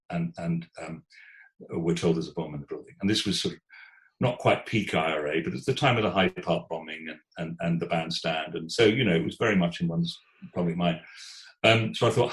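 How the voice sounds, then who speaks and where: A British theatre executive in his sixties telling stories in an interview, animated, often restarting words and quoting voices. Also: deep voice, moderate pace, roomy sound, poor audio. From Britain. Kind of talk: conversational storytelling.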